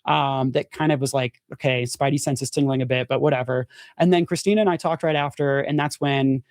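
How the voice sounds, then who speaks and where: A young man who was on a reality show chats briskly as a podcast guest, telling an anecdote full of "like" and animated impressions of what people said, complete with big jumps in pitch. The recording is studio quality with no echo.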